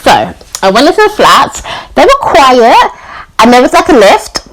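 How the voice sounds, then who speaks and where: A woman's voice: high-pitched, big pitch swings, normal speed, a bit bright, rough recording. A woman telling a personal story on her vlog in a chatty way, full of "you know" and "like", acting out the people she quotes. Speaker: YouTuber.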